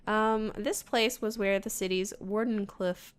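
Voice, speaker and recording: Lady gamer talking to herself while playing, mid pitch, keys clacking now and then. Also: fairly even intonation, unhurried, clean tone. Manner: muttering to herself, reading game text aloud. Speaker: let's-play gamer. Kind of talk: casual gameplay commentary.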